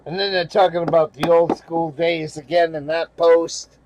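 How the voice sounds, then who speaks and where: A man's voice: fairly high pitch, flat delivery, moderate pace, darkish tone, a little hiss or hum, low-quality recording. A man hosting his channel, reading viewer comments aloud and ranting about them in angry, profane, sarcastic casual commentary, with chuckles in between.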